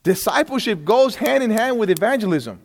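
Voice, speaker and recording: A man's voice: high-pitched, animated, normal speed, long reverb tail. A man teaching a church class in a casual, earnest way, asking rhetorical questions and chuckling between points.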